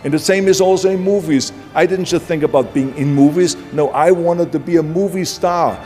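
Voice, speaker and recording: Long hall reverb and background music surround this motivational speaker, who speaks with an Austrian accent in a mellow voice on the high side. He keeps a moderate pace through his punchy, blunt speech.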